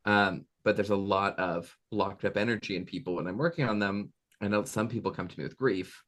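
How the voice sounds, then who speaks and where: A man's voice: lowish voice, a little fast. A man in his thirties, a medium talking casually as an interview guest, telling stories and acting out voices. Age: 30s. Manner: animated, acts out voices in anecdotes.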